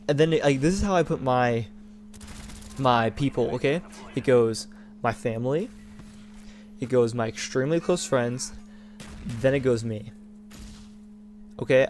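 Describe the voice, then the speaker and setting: A man's voice: mid-range voice, a little mellow, a little hiss or hum. A young man hosting a gaming channel, talking in a rambling, indignant rant with many restarts. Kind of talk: casual opinion rant over gameplay.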